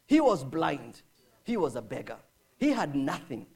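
A man preaching a sermon, dramatic, dropping to hushed lines and rising to shouts as he acts out the quotes. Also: a little high, wildly swooping pitch, measured pace, vocal fry, breathy edge.

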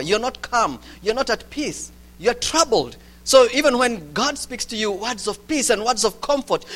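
A man preaching a sermon, swinging from loud urgency to hushed quiet. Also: very high voice.

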